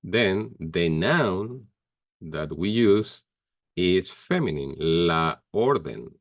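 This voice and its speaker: Slow, deep-voiced male teacher. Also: expressive, no echo. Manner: slow, careful explaining with pauses and fillers. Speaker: Spanish teacher. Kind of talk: grammar lesson.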